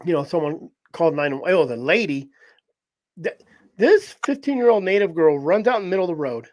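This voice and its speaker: A man's voice: a little high, fairly quick. A man telling a story in casual conversation, laughing often and acting out what people said. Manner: animated, laughs often, acts out voices in quotes. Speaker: podcast host telling a story.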